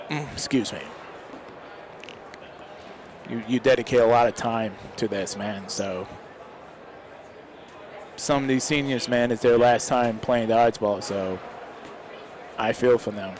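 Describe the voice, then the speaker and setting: Young guy commentating a live stream, rambly and sincere, keeps saying man, average pitch. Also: takes it slowly, pauses often, darkish tone, slight background noise. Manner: rambling, heartfelt, leans on "man".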